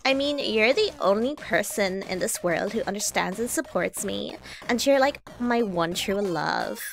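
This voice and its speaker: A woman reading lines as a needy, anxious young woman streamer in a rushed, self-deprecating way. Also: very high-pitched, animated, vocal fry, a bit bright, pitched above the performer's own voice, exaggerated voice. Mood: clingy. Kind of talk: reading game dialogue aloud.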